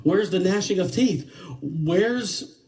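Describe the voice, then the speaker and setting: A man's voice: sits high, animated, takes it slowly, a little mellow, far from the mic, voice pushed up. A man doing an indignant dead politician. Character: self-assured male politician, newly dead.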